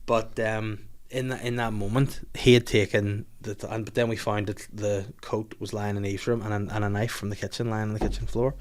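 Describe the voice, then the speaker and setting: A man's voice: fairly low pitch, little pitch movement, a little fast, few pauses. A middle-aged man hosting a podcast, telling a rambling, jokey story in casual chat and acting out the voices of people he quotes. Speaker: podcast host.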